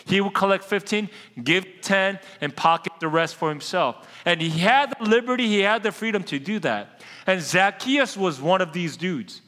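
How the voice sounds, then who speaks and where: Male pastor, high and bright, conversational sermon with a long church-hall echo. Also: normal speed. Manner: casual, conversational preaching that addresses the congregation directly.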